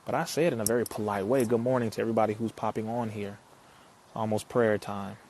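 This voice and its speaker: A man's voice: fairly low pitch, steady tone, fast talker, darkish tone, slight background noise. A man hosting a casual live stream, talking straight to viewers in an emphatic way, repeating lines for effect and answering comments as they come in.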